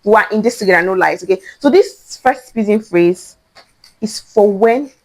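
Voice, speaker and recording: A young woman with a Nigerian accent hosting a casual teaching chat, excitable and playful, repeating phrases for emphasis. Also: mid-range voice, moderate pace. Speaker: host.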